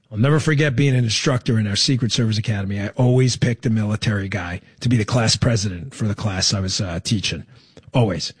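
A male radio and podcast host doing opinionated political talk in a studio, emphatic and fired up, swinging between loud bursts and low asides. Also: slightly rough.

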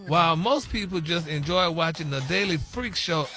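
A man, a regular on a radio morning show, spelling out words in a flustered, drawn-out way. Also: on the high side, expressive, over music. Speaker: radio show regular presenting a vocabulary segment. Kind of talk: casual radio banter.

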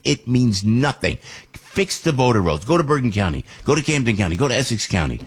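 A man hosting a political talk show, rambling and repeating himself in an animated way. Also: mid-range voice, fairly quick, breathy edge. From New Jersey.

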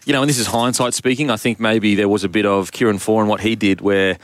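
A man's voice: fairly low pitch, fairly even intonation, fast, no room sound. A man co-hosting a casual sports radio chat, joking and stopping to restart his thoughts. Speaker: radio co-host.

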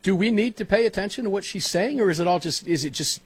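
A male host running a political roundtable, prodding his guests with lively questions. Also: high voice, fast, husky, dry recording. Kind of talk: roundtable discussion.

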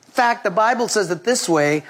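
A preacher delivers a sermon in front of a congregation, spinning a funny story and trading call-and-response with the listeners. The voice sits in an ordinary middle pitch. Jokes and direct questions to the room keep the delivery lively. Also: normal speed. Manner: leads call-and-response with the audience. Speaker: pastor. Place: before a live congregation.

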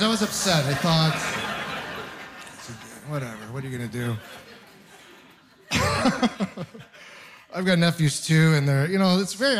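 A man in his thirties from Ontario performing a stand-up comedy set in a club, rambling through self-mocking stories with acted asides. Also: fairly high pitch. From Ontario, Canada. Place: comedy club with laughing audience.

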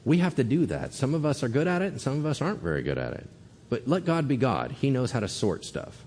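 A man's voice: medium pitch, quick pace, long reverb tail, a little hiss or hum. A man preaching a sermon as pastor, telling stories animatedly and acting out the lines people said. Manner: animated storytelling, acting out quotes.

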